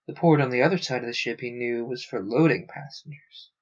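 A man narrating a science fiction novel aloud on a stream, steady with small stumbles. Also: medium pitch, fairly quick. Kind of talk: audiobook-style reading. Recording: dull lo-fi sound.

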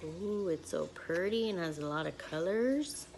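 A young woman teaching preschoolers in a video lesson, speaking in a slow, sing-song, encouraging way and making animal sounds. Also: fairly low pitch, lively intonation, a little mellow, a little hiss or hum.

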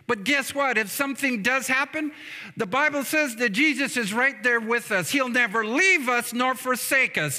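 Pastor, man, high ringing voice, slow deliberate preaching, calls for amens, long church echo. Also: sharp tone. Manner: storytelling preacher, prompting amens. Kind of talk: funeral sermon. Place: church sanctuary. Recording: long church hall reverb.

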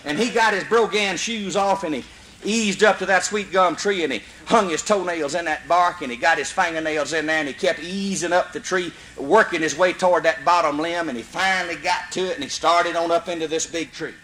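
A man with a Mississippi accent telling a folksy comic story, animated and prone to loud hollers. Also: on the high side, brisk, low-quality recording. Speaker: comedian storyteller. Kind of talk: live comedy storytelling.

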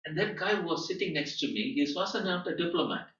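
A man tells a story to a class in a lively, animated way, his voice leaping up for emphasis and sinking low for quiet moments. His tone is bright and forceful. He is recorded from across a roomy, echoing space, and the sound is a little dull. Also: a little fast. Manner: animated storyteller, emphatic rises and soft drops. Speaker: guest teacher. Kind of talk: storytelling lecture. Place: teaching room at a training school. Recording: echoey room, far from mic, dull sound.

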